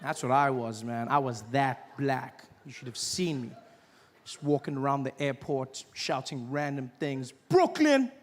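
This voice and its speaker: A man from South Africa performing stand-up comedy, animated and mocking. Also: mid-range voice, unhurried, background noise. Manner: animated, mocking, acts out voices. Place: large theatre stage. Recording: live stage in a big hall, laughing audience.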